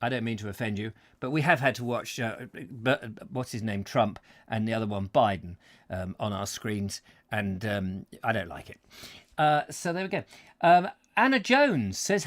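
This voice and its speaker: A man's voice: mid-range voice, lively intonation, moderate pace, a bit bright. A man hosting a live chat show, reading out viewers' messages with playful jokes and silly voices. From England. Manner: playful, jokey, slips into silly voices and sound effects.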